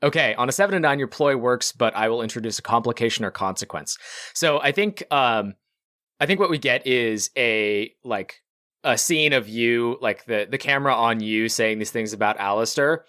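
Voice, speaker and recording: Dry-sounding relaxed game master. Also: male voice, medium pitch, normal speed, dry recording. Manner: relaxed, supportive, hesitant fillers. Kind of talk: narrating a tabletop game.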